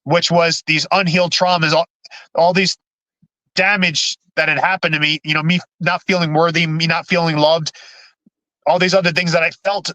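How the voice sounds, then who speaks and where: Guy telling his story, high bright voice, keeps restarting, dry close sound. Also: level tone, no room sound, poor audio. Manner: halting, many restarts and repeated words. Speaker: podcast guest. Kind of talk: candid personal storytelling.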